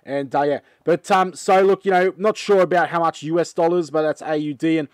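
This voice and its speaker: A man's voice: a little high, a little fast, no room sound. Rambling Australian man, dry close mic. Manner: rambling, filler-heavy and excitable. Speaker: channel host. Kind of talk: casual chat reacting to a game trailer.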